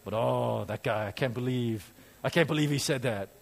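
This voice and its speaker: A man voicing a resentful male churchgoer who mutters his grudges in a low, grumbling inner monologue. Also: normal speed, gravelly.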